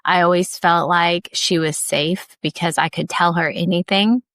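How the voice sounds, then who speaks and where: A woman podcast host tells personal stories in a candid, reflective way. Her voice sits a little low, and she often says "like" and laughs softly. The sound is close and dry. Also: fairly even intonation, a little slow, dry recording. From Ohio, USA. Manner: candid, soft, with frequent "like" and light laughs.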